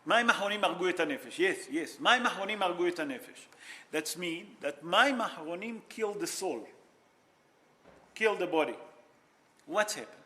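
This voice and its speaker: A man teaching an informal class as a rabbi, telling a story in an animated way. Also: sits high, rapid-fire. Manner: animated, mixes Hebrew and Yiddish terms, non-native grammar.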